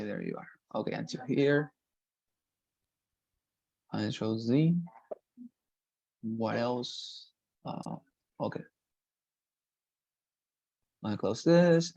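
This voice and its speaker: A man teaching an online English lesson, repeating words slowly and checking in with "right?". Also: mid-range voice, gravelly, a little mellow, no room sound, lo-fi sound. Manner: patient, repetitive, models pronunciations slowly, frequent "right?" checks.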